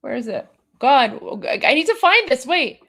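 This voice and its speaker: Woman, livestream host, high voice, sarcastic reaction commentary, mocking, chatty with viewers. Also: sing-song, normal speed, fairly bright tone. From Iran.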